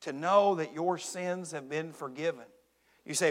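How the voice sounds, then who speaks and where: Man, pastor preaching a sermon, high-pitched voice, hushed then shouting, long church reverb. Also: normal speed. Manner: swings between hushed intensity and shouted emphasis. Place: church sanctuary.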